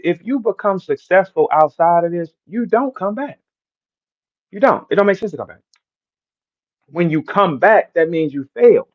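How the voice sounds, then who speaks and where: Hosting a live audio room, a battle rapper from St. Louis boasts and talks trash in a brash, repeating rant, his St. Louis accent clear. His voice sits high, and the audio sounds dull.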